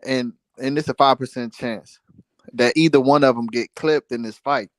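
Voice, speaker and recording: A man's voice: mid-range voice, steady tone, moderate pace, no room sound. A man in a casual boxing chat, talking loosely with lots of slang. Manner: loose, slangy, repeats "bro". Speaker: boxing podcast co-host.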